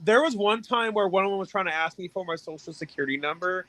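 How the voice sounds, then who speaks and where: High-voiced man telling a laid-back story. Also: fast talker, sharp tone. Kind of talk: casual storytelling.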